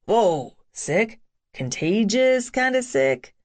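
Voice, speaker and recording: A woman doing a loud, playful giant football jock. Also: medium pitch, very animated, takes it slowly.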